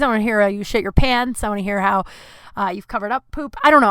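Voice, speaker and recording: A woman's voice: mid-range voice, quick pace, a bit bright, smooth, no room sound. A woman hosting her podcast, telling a rambling, profane, self-deprecating story in a casual monologue. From Colorado. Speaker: podcast host.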